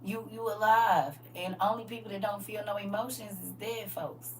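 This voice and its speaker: A woman's voice: medium pitch, fairly even intonation, moderate pace, a little mellow. A woman preaching casually on a live stream, talking to viewers in a folksy, emphatic way and repeating "listen" and "y'all". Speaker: livestream preacher. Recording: slightly distant mic with faint hum.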